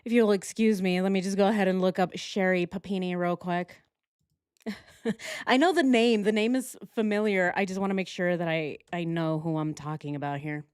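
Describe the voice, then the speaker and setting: A woman's voice: on the low side, steady tone, normal speed, darkish tone, clear, resonant tone, no echo. Chatty woman reacting to a video, dry sound. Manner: chatty, laughs often, reads out viewer comments. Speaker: host. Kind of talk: casual reaction stream chat.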